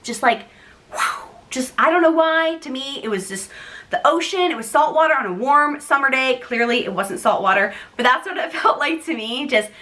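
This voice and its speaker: A young woman telling a personal story to her vlog audience in a chatty, animated way, with frequent "like" and laughing asides. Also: sits high, fairly quick. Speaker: vlogger, first-time mom. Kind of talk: casual storytelling to camera.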